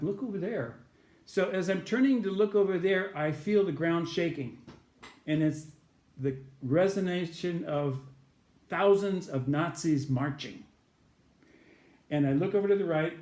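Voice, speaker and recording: A man's voice: fairly high pitch, a little mellow, echoey room. A man, a guest in an interview, earnestly retelling an experience and acting out the voices in it. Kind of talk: storytelling a near-death experience.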